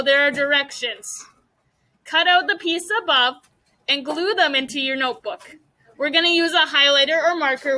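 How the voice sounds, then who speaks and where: A woman's voice: high-pitched, sharp tone, poor audio. A woman teaching a classroom mini lesson, patiently walking students through each step with guiding questions.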